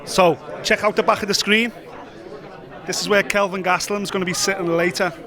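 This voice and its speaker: Excitable high-voiced man hosting a vlog. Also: brisk, crowd noise. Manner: chatty, excitable, sweary. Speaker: host. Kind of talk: casual walk-and-talk vlog.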